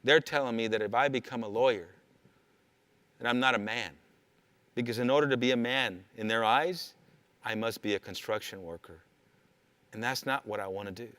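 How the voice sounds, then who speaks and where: A man retelling the words of a discouraged teenage boy student, quiet and low. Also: moderate pace, long pauses, no room sound, natural voice. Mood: dejected.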